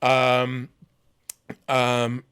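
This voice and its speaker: A middle-aged man hosting a casual livestream interview, rambling with many fillers and restarts and telling stories with animated voices. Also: medium pitch, extremely slow, smooth. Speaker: host.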